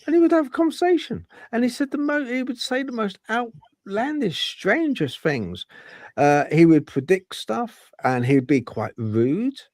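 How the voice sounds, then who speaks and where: Male podcast host, lively up-and-down voice, rambles and restarts, dry close sound. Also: high-pitched, measured pace, no room sound. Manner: rambling, with many fillers and restarts. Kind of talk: casual storytelling chat.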